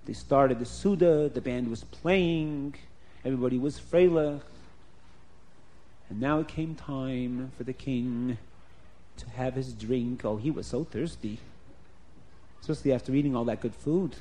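A man telling a folk story to children, animated and repetitive, with sound effects. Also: mid-range voice, a little slow, long pauses.

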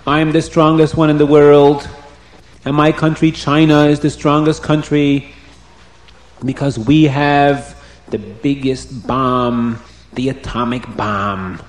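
A man's voice: on the high side, steady tone, slow. Self-important leader guy bragging, warning tone, roomy man voicing him. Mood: boastful. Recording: roomy echo.

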